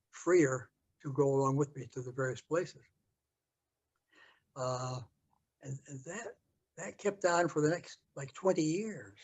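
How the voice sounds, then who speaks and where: An older American man telling a story from his past in an interview, halting with many fillers and restarts. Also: fairly high pitch, darkish tone, lo-fi sound. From United States. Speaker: interview guest. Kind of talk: storytelling recollection.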